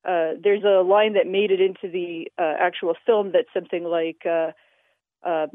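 A radio interview guest explains the history of language, using a lot of filler sounds. Heard through a telephone, the recording is tinny and dry, and the mid-range voice is steady at a normal speed.

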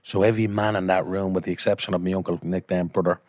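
An Irish man telling a family story in casual chat, animated, swearing, and acting out voices. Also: deep voice, quick pace, no echo, clean studio sound. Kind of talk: casual anecdote.

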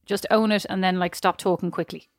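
A woman's voice: lowish voice, steady tone, a little fast, dry recording, clean studio sound. A woman co-hosting a podcast, chatting frankly and casually. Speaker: podcast co-host. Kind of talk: casual chat.

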